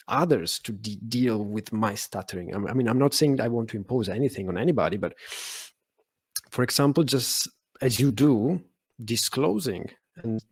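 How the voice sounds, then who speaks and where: A man's voice: mid-range voice, darkish tone, slightly rough, no echo. Italian-accented man who stutters, dry sound. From Italy. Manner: stutters, with frequent fillers and repeated words. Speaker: podcast guest. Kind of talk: conversational interview.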